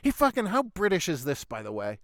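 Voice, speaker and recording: A podcast host with a high voice and huge pitch swings tells a long personal story at a brisk clip. His casual monologue rambles loosely, packed with swearing and "I was like" retellings. The recording is studio quality with no room sound.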